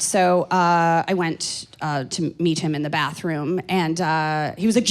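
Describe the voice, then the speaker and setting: A woman's voice: fairly low pitch, expressive, moderate pace, few pauses. A woman in her forties from Canada doing stand-up comedy into a handheld stage microphone, chatty and rambling with dry self-mocking asides. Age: 40s.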